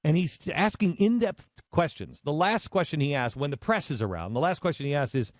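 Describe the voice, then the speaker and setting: Dry, animated male talk host. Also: fairly high pitch, fairly quick, few pauses, no room sound. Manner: animated storyteller with frequent restarts. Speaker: radio show host. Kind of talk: talk radio storytelling monologue.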